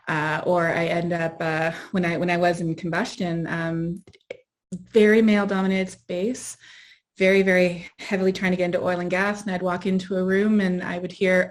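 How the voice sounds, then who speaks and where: A woman's voice: lowish voice, flat delivery, normal speed. A woman on a panel, candid and reflective about her experiences. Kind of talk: casual panel chat.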